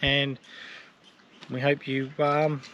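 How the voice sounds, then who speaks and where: A man's voice: medium pitch, little pitch movement, very slow, muffled recording, noisy background. An Australian man chatting casually as he cooks for his vlog, loose and joking, with plenty of fillers. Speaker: vlogger cooking on camera. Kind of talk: casual cooking vlog chat.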